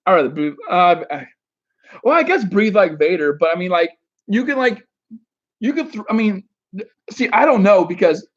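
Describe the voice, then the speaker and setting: A man's voice: high voice, dull audio. A man giving dating advice on a casual live stream, answering chat with rambling, crude jokes and frequent restarts.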